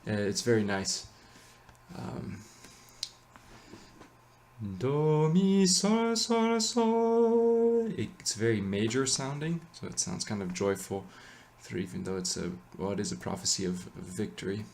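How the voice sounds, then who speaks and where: A man explaining a chant melody in a relaxed, halting way, pausing often with fillers and correcting himself. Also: lowish voice, creaky. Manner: hesitant, many ums and self-corrections. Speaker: chant teacher. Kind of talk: casual explanation with sung chant examples.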